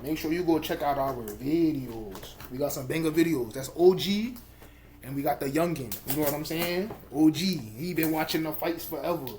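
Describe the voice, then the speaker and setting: Excitable slangy man hosting, noisy audio. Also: a little high, moderate pace. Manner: excitable, slangy, loose and joking. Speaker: podcast host. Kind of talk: casual chat.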